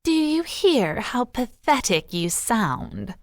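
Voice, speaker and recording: A woman's voice: on the low side, sing-song, gravelly, dry recording, studio quality, exaggerated voice. Cruel storybook sorceress who savors every mocking word, a woman reading her. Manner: slow, mocking, drawn-out delivery.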